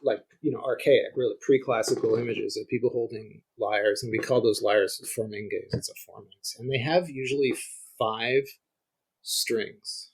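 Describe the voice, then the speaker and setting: A man's voice: medium pitch, normal speed, slightly rough, rough recording. A middle-aged man, a guest scholar, explaining ancient music in conversation, thinking aloud with frequent restarts. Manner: thinks aloud, restarts often, demonstrates on guitar.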